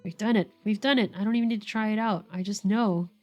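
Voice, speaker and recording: A woman's voice: medium pitch, fast, warm tone, lo-fi sound, soft background music, natural voice. A woman voicing an earnest, remorseful young man who is an older brother, reading the lines aloud in her own voice.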